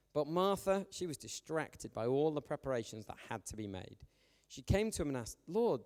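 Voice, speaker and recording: A man's voice: medium pitch, darkish tone. A young man preaching a sermon in a chatty, joking storytelling manner. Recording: long reverb of a church hall.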